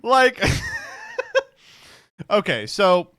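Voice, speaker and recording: Incredulous streamer man, very animated pitch. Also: drawn-out words, no room sound, studio quality. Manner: incredulous, sardonic, laughing asides. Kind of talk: reaction commentary.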